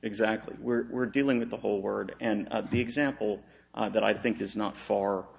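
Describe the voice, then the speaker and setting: Gravelly low-voiced man arguing in court. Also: steady tone, moderate pace, dull audio. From Texas. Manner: hesitant, many fillers and restarts. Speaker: attorney arguing an appeal. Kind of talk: courtroom oral argument.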